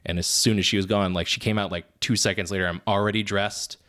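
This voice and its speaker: A man co-hosting a podcast, telling animated stories about being a father and often laughing at his own anecdotes. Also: lowish voice, fast talker. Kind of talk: casual chat.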